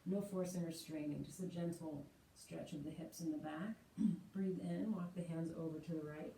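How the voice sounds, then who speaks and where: A woman teaching yoga, slowly and gently cueing breath and movement. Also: low-pitched, steady tone. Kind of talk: guided yoga instruction. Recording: roomy echo, voice from a distance, faint hiss.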